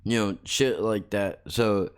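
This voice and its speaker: His voice is fairly low and clean, with fairly even intonation and a slow pace. As a podcast host, he tells a crude, blunt, comedic story casually, poking fun at himself and laughing at his own jokes.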